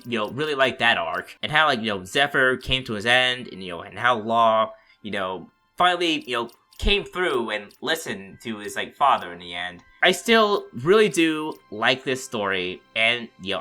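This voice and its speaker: A man's voice: medium pitch, expressive, normal speed, hardly any pauses, sharp tone, faint music behind. A man commentating his video game playthrough, frustrated and swearing, full of "like, you know" fillers. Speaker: let's play host. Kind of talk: casual gameplay commentary.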